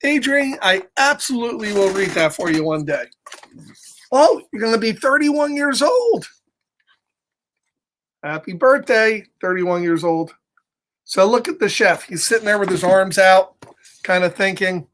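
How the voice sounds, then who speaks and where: Slow, playful man reading a picture book. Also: sits high, big pitch swings, fairly bright tone. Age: adult with a child. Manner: playful, laughs often, talks to listeners by name. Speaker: children's story reader. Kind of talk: reading a picture book aloud with chatty asides.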